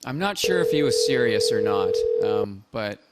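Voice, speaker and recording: A man's voice: lowish voice, animated, moderate pace, in a large hall, very noisy. A man hosting a call-in chat show, talking earnestly and measuredly, with frequent hesitant fillers. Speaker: host.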